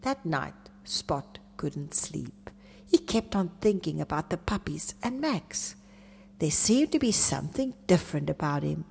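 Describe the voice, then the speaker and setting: A woman reading a children's story aloud in an expressive, animated way. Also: deep voice, measured pace, creaky, slight background noise. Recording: long reverb.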